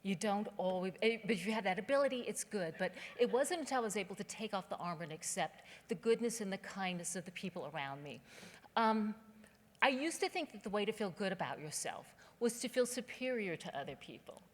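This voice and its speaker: A woman from southern West Virginia delivers a keynote in a relaxed, joking storyteller's manner, her clear throughout. Her voice sits at a middle pitch, and a long hall reverb trails every phrase from the theater stage. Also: fairly quick. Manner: humorous, conversational, folksy. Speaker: keynote speaker. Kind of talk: storytelling speech.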